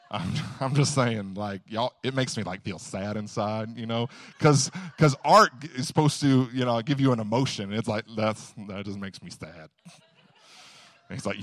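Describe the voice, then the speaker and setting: A young man preaches a casual, conversational sermon in a medium-pitched voice, with no echo. He tells stories and pushes hard on key points with quick bursts of emphasis.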